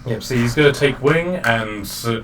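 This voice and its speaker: Recorded on a far-off mic with slight background noise, a man with a mid-range, somewhat bright voice narrates a tabletop game. He plays dungeon master at a moderate pace, loose and conversational, with frequent fillers and laughter.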